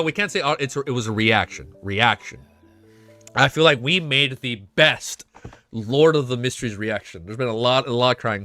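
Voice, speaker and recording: A young man hosting a casual livestream, excitable and swearing often, reading chat aloud. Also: medium pitch. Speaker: livestream host. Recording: faint music behind.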